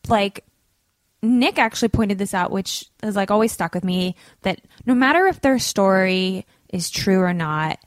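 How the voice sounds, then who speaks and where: A woman's voice: mid-range voice, lively intonation, unhurried, no echo. Chatty young woman co-hosting a podcast. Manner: chatty, says "like" often. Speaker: podcast co-host. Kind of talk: casual chat.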